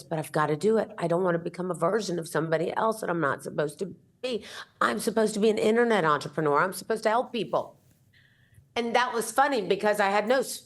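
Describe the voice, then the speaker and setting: A woman in her fifties, an entrepreneur guest telling a story in an interview and acting out the dialogue as she goes. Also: medium pitch. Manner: animated, acts out the dialogue in her stories.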